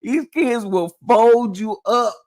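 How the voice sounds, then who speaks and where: Laughing and exclaiming a lot, a man hosting a casual gossip chat tells animated stories to his viewers. His voice is very high-pitched, and he takes it slowly.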